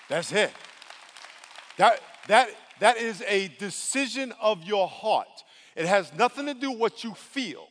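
A man preaching a sermon as pastor, animated and acting out voices in his stories. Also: high-pitched, moderate pace, in a large hall.

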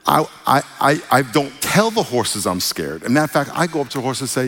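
A man delivers a sermon in a middle-pitched voice, moving from scripture reading into loose, animated storytelling with asides. His voice rings out with a long reverb, like a large hall or church. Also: brisk, few pauses. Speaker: preacher.

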